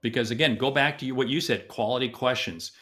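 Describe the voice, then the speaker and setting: An older man being interviewed as a sales expert on a podcast, talking in an emphatic, animated way and repeating words for stress. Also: mid-range voice, quick pace.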